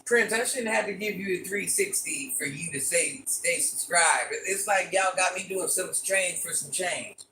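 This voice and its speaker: An older woman hosting a casual live stream chats with viewers and keeps repeating her requests to like and subscribe. Her fairly low voice sounds pushed and bright, and she moves at a moderate pace with few pauses. She is heard from far off in an echoey room, with slight background noise.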